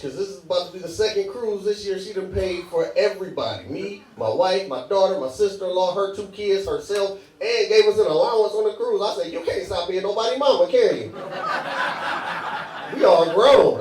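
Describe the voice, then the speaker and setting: A man's voice: high voice, a little fast. A man doing a stand-up comedy set on a club stage, loose and chatty, laughing at his own jokes. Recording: echoey club, mic at a distance, crowd.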